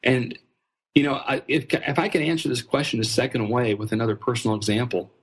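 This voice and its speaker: Husky, earnest male storyteller. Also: medium pitch, fairly quick. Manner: earnest, animated storyteller with frequent restarts. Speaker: ministry fundraising trainer, guest. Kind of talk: conversational storytelling interview.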